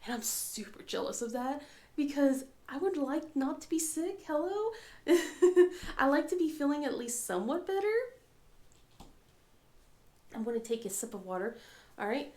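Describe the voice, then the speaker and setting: A woman's voice: high voice, expressive, moderate pace, pauses often, mellow. Sick woman chatting in an echoey room. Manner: rambling, many ums, frequent laughs. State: sick, scratchy throat. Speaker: crafting vlogger and mother. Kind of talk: casual chat.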